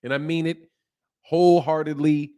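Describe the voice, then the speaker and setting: A man's voice: on the high side, moderate pace, clean tone. A man hosting a casual live stream about boxing, talking in slang and reacting to chat comments. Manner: animated, slangy, reads chat comments aloud. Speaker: boxing channel host.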